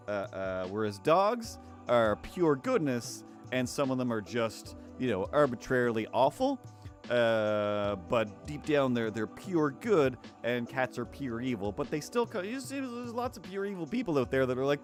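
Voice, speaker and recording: A man's voice: medium pitch, expressive, normal speed, soft background music. A man rambling casually as he draws on a live stream, self-deprecating and loose, full of fillers and restarts. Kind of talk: casual rambling chat while drawing.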